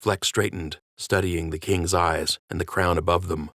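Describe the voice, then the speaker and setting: A male audiobook narrator with a low voice reads scripted narration in a measured, even storytelling manner. The recording is dry and clean, with studio sound.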